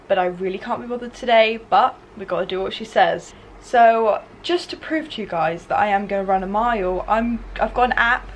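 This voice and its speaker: A young woman vlogger chats casually to the camera, leaning heavily on fillers like "literally" and "like." Her voice is medium-pitched, and the poor audio carries a slight hiss or hum.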